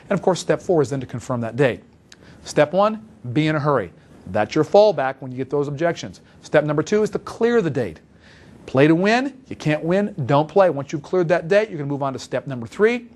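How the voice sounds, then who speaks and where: A man giving an instructional talk as a sales trainer, brisk and emphatic, often repeating points for stress. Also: a little high, expressive, darkish tone. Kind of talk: instructional talk with role-played phone calls.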